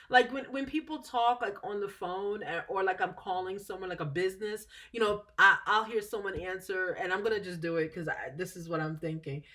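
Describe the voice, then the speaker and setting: A woman talks her listeners through spiritual ideas in a loose, conversational way. She keeps checking in with "okay?" and stops to correct herself now and then. Her voice sits at an ordinary middle pitch. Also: bright, forceful tone. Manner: chatty, frequent "okay?" check-ins, self-correcting. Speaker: spiritual teacher. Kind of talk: casual explanatory talk.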